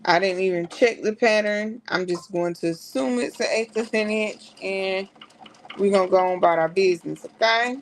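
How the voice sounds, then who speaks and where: A woman's voice: mid-range voice, moderate pace, slight background noise. A woman, chatting casually to her viewers as she works through a sewing tutorial. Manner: chatty, talks to viewers while working. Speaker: sewing vlogger.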